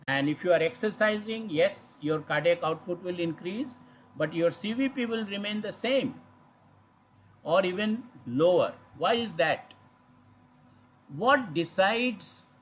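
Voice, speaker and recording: A man's voice: a little high, a bit bright, a little hiss or hum, rough recording. A man giving a medical lecture, explaining step by step and putting questions to his audience. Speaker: physician lecturer. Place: hospital lecture livestream.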